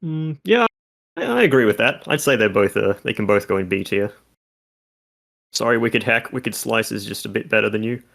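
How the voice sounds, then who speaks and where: A man's voice: on the low side, lively intonation, normal speed, creaky, a bit bright. A man co-hosting a casual video game discussion, talking through stats and mechanics in detail. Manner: analytical, talks through game numbers. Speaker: content creator co-host.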